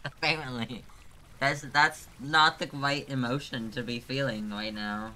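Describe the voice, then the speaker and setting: Male streamer, mid pitch, bright tone, live gameplay commentary full of curses and nervous laughs. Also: measured pace, a little hiss or hum. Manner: frequent swearing, laughing through frustration; talks to chat, thinking aloud. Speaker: game streamer.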